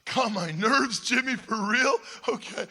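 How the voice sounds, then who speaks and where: A man doing a high, childlike eleven-year-old boy. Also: a little slow, sharp tone, full character voice. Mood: eager. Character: boy of eleven, shy, upset then eager. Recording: long reverb of a large hall.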